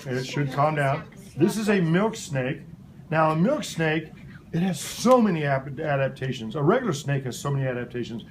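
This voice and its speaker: Male science teacher, a bit high-pitched, playful and animated with kids, faint classroom hum. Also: normal speed. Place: elementary school classroom.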